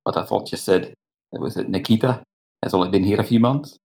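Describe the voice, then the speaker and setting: A man's voice: lowish voice, a little fast, gravelly, darkish tone. A man playing a tabletop game in character, with a sly, easygoing manner. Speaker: player.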